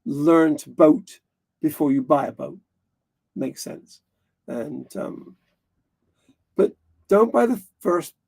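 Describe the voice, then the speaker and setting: A man's voice: a little high, expressive, takes it slowly, gravelly, pauses often, a little mellow. A man hosting a live stream, chatting casually in a rambling way, often correcting himself and laughing. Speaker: livestream host.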